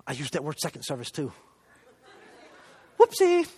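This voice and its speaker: A middle-aged man with a notably high, light voice, delivering a sermon testimony in a church. He talks conversationally and pokes fun at himself, dropping to a hush for asides and rising for emphasis. Long reverb from the hall trails his words. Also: wildly swooping pitch, moderate pace, some chatter behind. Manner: conversational, self-deprecating, swings between loud emphasis and hushed asides. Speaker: lay preacher giving a testimony.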